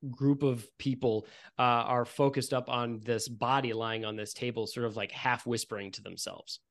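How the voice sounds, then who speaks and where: A man running a tabletop game as dungeon master, narrating in a relaxed way with fillers. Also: medium pitch, normal speed, creaky.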